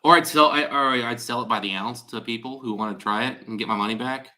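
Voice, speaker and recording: A man's voice: mid-range voice, fast, pushed and bright. A man chatting casually on a live stream as its host, rambling and restarting his sentences. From Ohio, USA.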